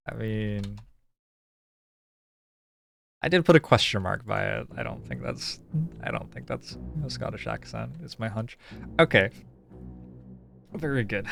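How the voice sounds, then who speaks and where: A man's voice: fairly low pitch, creaky, fairly bright tone, slight background noise. A man streaming a puzzle game, thinking aloud in casual, musing commentary. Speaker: gaming streamer. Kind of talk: casual let's-play commentary.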